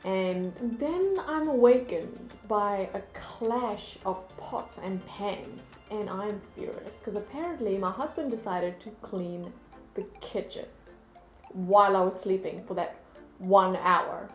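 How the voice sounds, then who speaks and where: A woman beauty vlogger chatting to camera, telling stories in a lively way at her desk. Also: mid-range voice, slow, reverberant, faint music behind. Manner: chatty, animated storytelling. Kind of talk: casual chat to camera. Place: indoor room at a desk.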